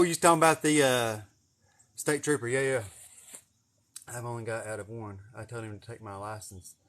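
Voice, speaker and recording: A man's voice: medium pitch, fairly bright tone. A man in his forties with an East Tennessee accent, telling a rambling, profane, folksy story on his vlog. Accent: Southern US, East Tennessee. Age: 40s. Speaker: vlogger. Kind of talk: casual storytelling.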